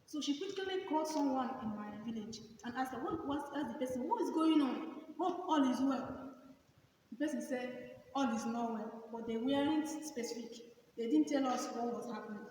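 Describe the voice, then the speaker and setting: A woman's voice: high voice, normal speed, darkish tone, slight background noise. A young woman giving an earnest church testimony, growing fervent. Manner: earnest, rising to fervent exclamations. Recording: echoey hall from far off.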